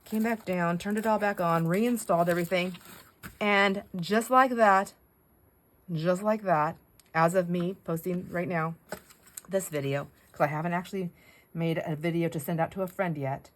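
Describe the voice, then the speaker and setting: A woman's voice: on the low side, moderate pace. Rambling, chatty woman crafter. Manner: rambling, self-deprecating, laughs often. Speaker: crafting channel host. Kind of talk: casual chat while crafting.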